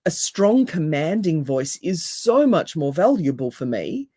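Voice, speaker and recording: Woman, deep voice, hypnotherapist guest, calm emphatic repetition, dry close mic. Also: unhurried, breathy edge, no echo. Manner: calm, emphatic repeated phrases. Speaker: hypnotherapist and coach. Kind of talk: podcast interview guest.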